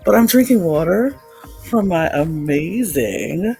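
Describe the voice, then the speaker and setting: A woman's voice: fairly high pitch, sing-song, a little slow, warm tone, slightly rough, faint music behind. A woman hosting a podcast in a sassy, playful diva manner. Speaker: podcast host. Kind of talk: casual chat.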